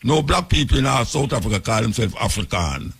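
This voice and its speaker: A man's voice: mid-range voice, lively intonation, fairly quick, gravelly, fairly bright tone, slightly rough. A Jamaican man hosting a radio call-in show, talking bluntly and impatiently and cutting in on the caller. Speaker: radio host. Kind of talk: radio call-in talk in patois.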